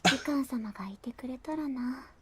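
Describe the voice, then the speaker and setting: An actress voicing a gentle young woman walking beside her commander, in soft, intimate whispered role-play from an official game ASMR clip. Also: high voice, quick pace, crowd noise, natural voice. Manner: soft, intimate, close to the ear.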